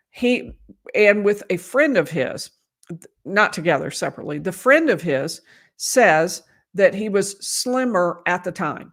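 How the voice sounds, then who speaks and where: A woman lawyer giving conversational live commentary on a court case, losing her voice and often restarting her sentences. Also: on the low side. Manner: conversational, restarts and emphatic asides.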